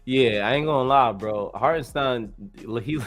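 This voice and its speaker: A man hosting a casual sports podcast, talking in an animated, slangy, joking way. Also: medium pitch, normal speed, soft background music. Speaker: podcast host.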